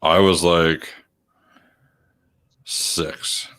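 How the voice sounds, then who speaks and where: A man's voice: deep voice, fairly even intonation, very slow, a bit bright, clean tone, faint music behind. A man chatting casually on a radio show, laid-back and swearing often. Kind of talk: casual chat.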